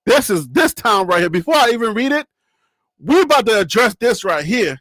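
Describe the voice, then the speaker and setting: A man hosting a sports talk channel, talking straight to his viewers and chat in a lively, animated way and laughing often. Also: high-pitched, fairly quick, no echo, studio quality. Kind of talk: casual live-stream commentary.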